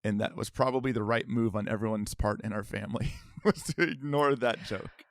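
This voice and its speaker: A man's voice: fairly low pitch, a little fast, vocal fry, no echo, clean studio sound. A man co-hosting a podcast, joking and teasing in casual chat. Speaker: podcast co-host.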